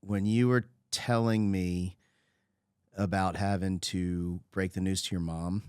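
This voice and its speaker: A male podcast host speaks softly and with sympathy. His voice is low and smooth, and he talks slowly. The sound is dry. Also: fairly even intonation, no echo. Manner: soft, sympathetic responses. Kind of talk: casual interview talk.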